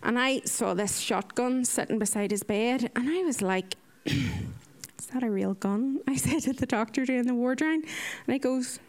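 A young woman, a nurse telling stories from her mission work in a lively talk with slides. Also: fairly high pitch, normal speed. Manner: lively, animated storytelling with acted-out quotes.

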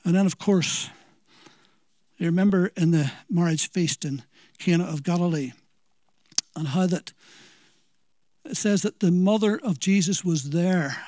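A man's voice: fairly high pitch, measured pace, long pauses, a little mellow, no echo, studio quality. A man with a Northern Irish accent preaching a sermon, telling it as an earnest story and asking the listeners questions.

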